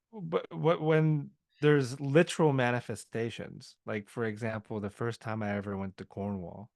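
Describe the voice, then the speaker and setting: Man, low voice, fry, dry close sound, rambling podcast guest, from the South. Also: a little mellow, no echo. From American South. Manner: rambling storyteller, heavy on filler words. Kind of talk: casual podcast conversation.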